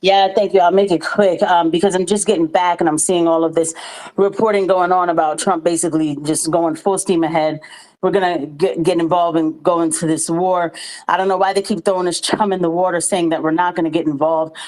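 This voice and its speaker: A woman's voice: lowish voice, fairly even intonation, a little mellow, low-quality recording. Furious woman ranting on a panel. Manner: angry, emphatic and fast-flowing ranting. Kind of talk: heated live audio panel talk.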